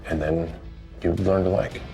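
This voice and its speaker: A man's voice: deep voice, little pitch movement, unhurried, gravelly, mellow, faint music behind. An actor playing an earnest adult male antihero in a TV series clip, talking to his father and hoping to be accepted. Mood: pleading.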